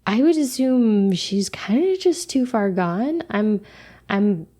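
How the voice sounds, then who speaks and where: A woman co-hosting a podcast, talking casually with lots of fillers and quick laughs. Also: medium pitch, lively intonation, dark tone. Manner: chatty, many fillers and laughs. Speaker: podcast co-host. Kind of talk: casual chat.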